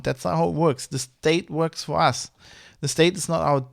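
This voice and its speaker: Gravelly man ranting in a vlog. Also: a little high, normal speed, hardly any pauses, no echo, studio quality. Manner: rambling, heated, swears, many restarts. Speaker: vlogger. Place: Germany.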